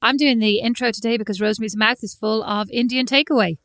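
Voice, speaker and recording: A woman's voice: a little high, steady tone, fairly bright tone, no room sound. Irish female co-host, chatty asides, dead-dry recording. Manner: amused, chatty, quick asides. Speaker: podcast co-host. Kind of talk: casual chat.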